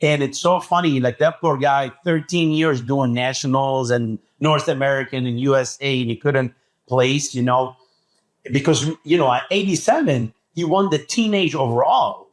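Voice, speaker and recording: A man telling a story as a podcast guest, talking excitedly and acting out what people said. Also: mid-range voice, moderate pace. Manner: acts out quoted dialogue, excitable. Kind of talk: animated storytelling.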